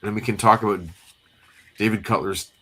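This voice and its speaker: A man's voice: fairly low pitch, fairly even intonation, normal speed, sharp tone. A man co-hosting a casual comic read-through livestream, recapping the plot in a rambling way with many fillers. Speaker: co-host.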